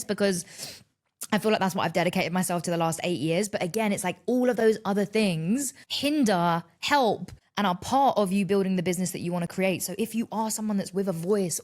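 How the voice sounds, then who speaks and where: A woman in her thirties hosting a solo podcast, talking candidly and expressively, with plenty of swearing as she tells her story. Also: medium pitch. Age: 30s. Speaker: podcast host. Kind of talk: casual solo podcast monologue.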